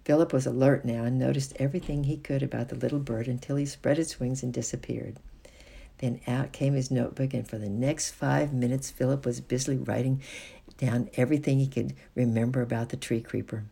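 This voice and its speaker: A gravelly, husky storybook reader. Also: mid-range voice, fairly even intonation, brisk, mellow. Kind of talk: storybook reading.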